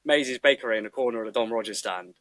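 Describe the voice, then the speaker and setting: A man's voice: mid-range voice, rapid-fire, fairly bright tone, no echo. A man who is a guest on a podcast, chatting casually about going to football matches, easygoing with a few hesitant restarts. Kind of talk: casual chat.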